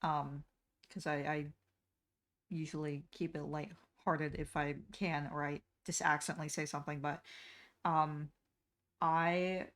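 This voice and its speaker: Drawing on stream, a young woman talks in a loose, meandering way, full of fillers and false starts and frequent laughter. Her voice is deep with a slightly bright quality.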